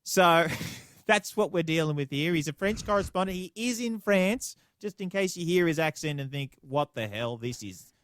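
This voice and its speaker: A man's voice: sits high, moderate pace, hardly any pauses, fairly bright tone, smooth, no echo, studio quality. A man with an Australian accent co-hosting a podcast, bantering in a playful, mock-serious way. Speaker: podcast co-host. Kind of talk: casual comedic podcast chat.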